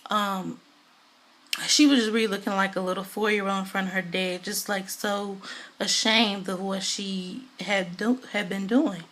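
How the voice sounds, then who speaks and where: A woman reviewing a TV episode in a casual, animated recap, with lots of fillers as she retells the scenes. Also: mid-range voice, measured pace. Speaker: TV show reviewer.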